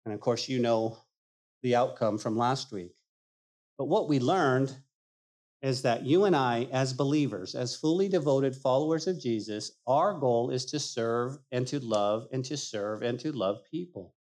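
A man preaching a sermon as pastor, animated and emphatic, acting out the people he quotes. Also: mid-range voice, unhurried.

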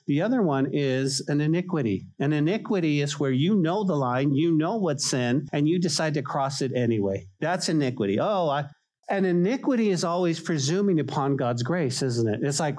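A middle-aged male pastor preaching a sermon in an animated way, acting out quoted voices and repeating words as he starts sentences. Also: fairly high pitch, moderate pace.

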